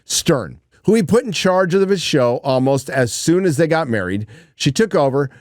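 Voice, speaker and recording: A man's voice: a little high, very animated, normal speed, a little mellow, no echo, clean studio sound. Blunt man rambling through commentary. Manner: rambling, blunt, swears casually. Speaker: livestream host. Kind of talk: casual commentary.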